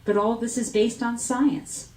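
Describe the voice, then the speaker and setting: A woman's voice: fairly high pitch, steady tone, unhurried, a little mellow, roomy sound, rough recording. A woman playing a doctor in a scripted training dialogue, giving plain, brief answers.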